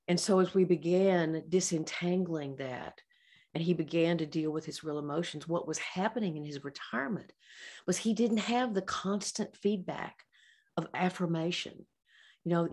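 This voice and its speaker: A woman's voice: fairly low pitch, fairly even intonation, unhurried, darkish tone. A woman psychologist giving a conversational talk to colleagues, acting out quoted dialogue with restarts and asides. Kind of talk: presentation to colleagues. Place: lecture or webinar setting.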